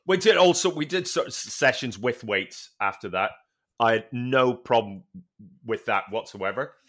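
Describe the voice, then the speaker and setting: Man, podcast co-host, bright ringing voice, animated storyteller, swears a lot. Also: mid-range voice. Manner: animated, swearing storyteller who laughs often. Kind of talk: casual chat.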